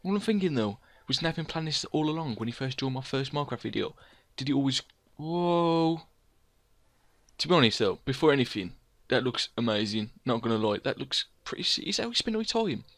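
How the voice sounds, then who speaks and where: A man doing excitable game commentary, humming sound effects and theme music as he plays. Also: mid-range voice, fast talker, hardly any pauses, no echo. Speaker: let's play gamer.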